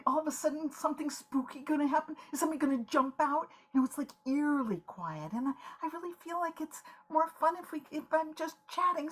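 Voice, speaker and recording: A woman's voice: high voice, close to an everyday voice. A woman in a live improv scene, playing a talkative, fussing friend who is spooked by silence, repeating words as she frets. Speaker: improv performer.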